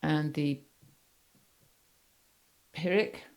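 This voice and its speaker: A woman with a low voice leads a class, pausing often on fillers and restarts. She keeps checking in with the students as she explains. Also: steady tone, darkish tone. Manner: halting, many fillers, checks understanding. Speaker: teacher. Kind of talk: university seminar lecture.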